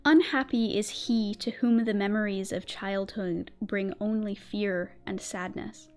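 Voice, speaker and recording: A woman streamer doing a whispered role-play reading of a spooky story in a soft, slow ASMR-style voice. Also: mid-range voice.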